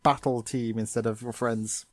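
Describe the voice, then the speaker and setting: A man's voice: mid-range voice, moderate pace, no echo, clean studio sound. Sarcastic man recapping a cartoon episode. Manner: sarcastic, animated storytelling. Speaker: podcast co-host. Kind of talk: casual episode recap chat.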